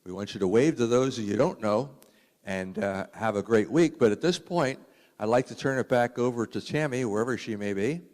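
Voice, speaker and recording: A man's voice: mid-range voice, normal speed. A man giving casual announcements to a community meeting, chatty with small fillers. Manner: relaxed, chatty, with frequent uh fillers. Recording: echoey community hall.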